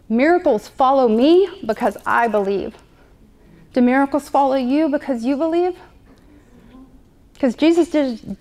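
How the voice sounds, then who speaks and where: A woman's voice: fairly high pitch, darkish tone. A woman preaching a sermon to a live congregation, conversational and playful, repeating her points often. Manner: conversational, repetitive, playful asides.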